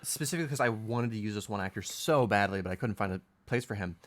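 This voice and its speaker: A man co-hosting a podcast in casual chat, relaxed and hesitant with many fillers. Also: lowish voice, fast talker. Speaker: podcast co-host.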